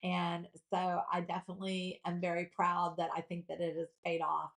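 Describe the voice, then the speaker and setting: A woman in her late fifties hosts a live jewelry shopping show. She talks in a chatty, gushing way and reads viewer comments aloud between the sales pitches. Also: completely flat delivery, moderate pace, vocal fry. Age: 50s.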